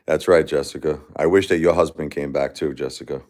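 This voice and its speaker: A man in his forties, grief-stricken, talking haltingly on a livestream as host and answering viewer comments. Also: very deep voice, steady tone, darkish tone. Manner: halting and repetitive, many restarts and fillers.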